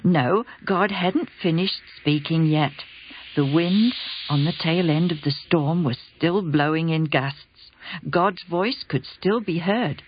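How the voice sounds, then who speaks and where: A storyteller narrating a Bible story in a gentle, conversational way, with asides to the listeners. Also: mid-range voice, slow, a little hiss or hum. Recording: dull lo-fi recording with music.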